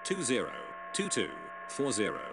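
A man in a casual online voice chat, reading out numbers and commands in a deliberate way. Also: mid-range voice, wildly swooping pitch, very noisy.

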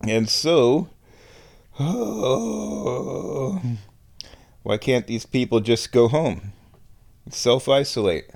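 A man's voice: slow, long pauses. Guy ranting for laughs in a vlog, sarcastic, voice jumps way up when he panics. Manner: animated, sarcastic, swings to high exclamations. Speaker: vlogger. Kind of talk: casual comic rant.

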